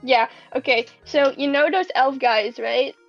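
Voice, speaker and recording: A woman's voice: high-pitched, measured pace, highs cut off, faint music behind. A woman player in a tabletop game, casual and swearing, laughing often. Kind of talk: casual in-character chat.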